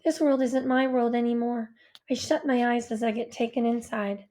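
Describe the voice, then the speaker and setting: A woman narrating a first-person novel in a gentle, wistful way. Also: on the high side, fairly even intonation, normal speed. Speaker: audiobook narrator.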